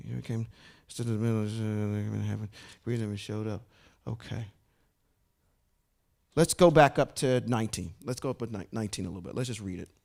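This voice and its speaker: A man leading a bible study, reading verses aloud and stopping often to explain and check with his listeners. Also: medium pitch. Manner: reads scripture aloud, stops to explain and ask the group. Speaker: scripture teacher.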